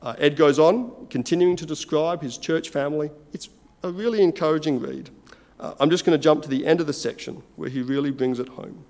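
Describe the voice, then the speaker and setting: An earnest man delivers a sermon at a measured pace with deliberate pauses. His voice sits a little high for a man. A long reverb trails each phrase, as in a large hall. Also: a little mellow. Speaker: preacher.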